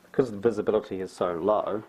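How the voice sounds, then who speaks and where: Man, New Zealand accent, middle-aged, chatty painting tutor, self-mocking, fairly low voice, faint clicking behind. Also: steady tone, fast, a little mellow, slight background noise, poor audio.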